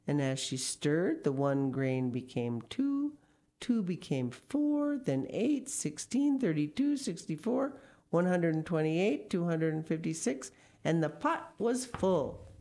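A woman reading a picture book aloud, expressive and unhurried, with small asides about the pictures. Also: sits low. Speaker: storyteller.

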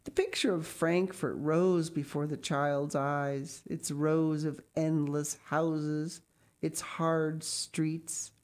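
A woman reading a children's book aloud, pausing now and then for chatty asides. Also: low voice, darkish tone. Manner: reads slowly, stops to comment and cough. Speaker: reader.

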